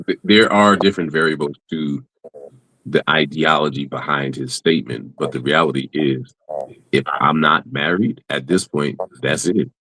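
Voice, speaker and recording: Male co-host, very deep and husky, dry close sound, firm and emphatic. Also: moderate pace, bright, forceful tone, no echo, poor audio. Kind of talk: casual talk-show chat.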